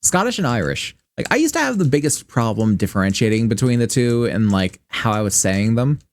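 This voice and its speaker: His voice sits in the mid-range, swings widely in pitch and moves fairly quickly. A Midwestern American from Michigan, he rambles through casual commentary on his game stream, profane and thinking aloud.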